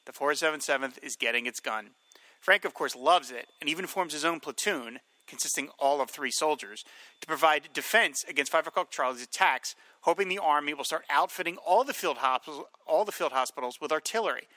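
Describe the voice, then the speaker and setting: Man, podcast co-host, very bright tone, dry close sound, chatty episode recap. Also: on the high side, brisk, no room sound. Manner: chatty, lively, mimics lines from the show. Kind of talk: episode recap and casual chat.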